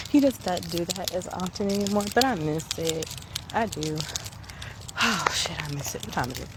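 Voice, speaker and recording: Out on her morning walk, a woman in her thirties vlogs a casual rant straight to camera, frank, emphatic, and full of swearing. She speaks at a normal speed in an animated, lowish voice, captured on a noisy outdoor phone recording.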